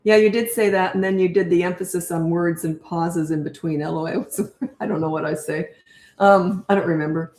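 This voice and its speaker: Older woman parenting coach, straight-talking Q&A, lowish voice in a roomy echo; live answers to comments. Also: fairly even intonation, normal speed, darkish tone. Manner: chatty and direct, reads comments aloud. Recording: echoey room.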